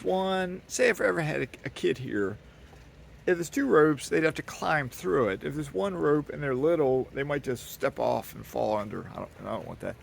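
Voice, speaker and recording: Gravelly man touring his dock outdoors. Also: a little high, a little hiss or hum. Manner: rambling, folksy, with restarts. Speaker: vlogger giving a property tour. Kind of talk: casual walk-and-talk tour. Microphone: handheld camera carried while walking. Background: birds.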